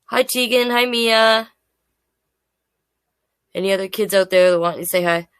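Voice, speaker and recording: A woman's voice: mid-range voice, unhurried, fairly bright tone, clean tone, no echo. A woman, a drag king hosting a casual live-stream storytime, chatty and playful as she greets the kids watching by name.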